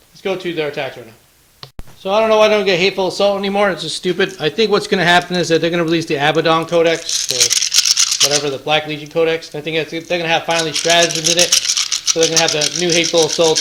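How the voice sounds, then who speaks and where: Man, battle report host, casual play-by-play, slightly high voice, playful, counts rolls aloud. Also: background noise. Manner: chatty, counts dice aloud, playful taunts. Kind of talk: casual play-by-play of a tabletop game.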